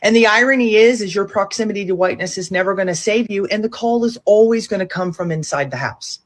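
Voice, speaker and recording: A woman's voice: medium pitch, fast. A woman commentator in a video clip, speaking sternly in repeated warning phrases. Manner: stern, warning, rhythmic repetition.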